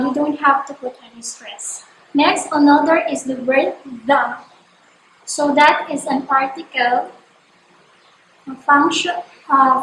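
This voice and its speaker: A woman teacher giving an online English lesson, listing examples slowly and deliberately, with some fillers. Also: high voice, a bit bright. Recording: echoey room, faint background noise.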